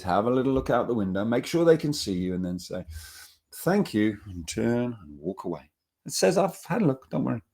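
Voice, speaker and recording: Emphatic man teaching dog training. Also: fairly low pitch. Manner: lively, emphatic, acts out scenes. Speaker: dog trainer giving a seminar. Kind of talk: seminar talk.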